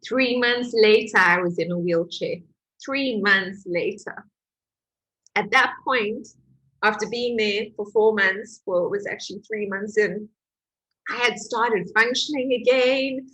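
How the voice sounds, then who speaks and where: A woman who is a healing coach, telling her own story in an emotional, animated way with laughs. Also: mid-range voice, a little slow, breathy edge, rough recording. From Portugal. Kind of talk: personal testimony to camera.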